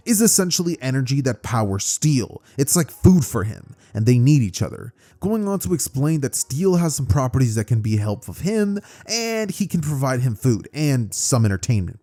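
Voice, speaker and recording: A man's voice: mid-range voice, dark tone. A man narrating a fan-made story in a loose, conversational way with casual fillers. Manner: conversational, loose fillers like "kinda" and "pretty much".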